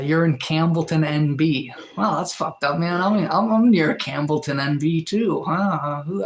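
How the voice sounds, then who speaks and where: Rambling young man, roomy echo. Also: a little high. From Canada. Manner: rambling, many fillers and restarts. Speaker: live streamer. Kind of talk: casual live stream chat reading comments.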